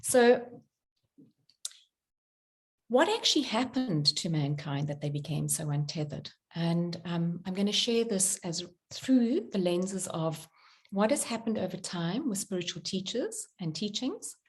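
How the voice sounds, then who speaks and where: A middle-aged woman, a spiritual author and workshop leader, talking about belief and telling a personal story in an animated way, acting out quotes with many fillers. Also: lowish voice, measured pace. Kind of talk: conversational talk with personal story.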